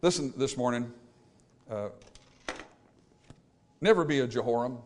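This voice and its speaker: A man preaching, swinging between loud emphatic points and hushed pleading. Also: mid-range voice, a little slow. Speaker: pastor. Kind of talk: sermon. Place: church sanctuary.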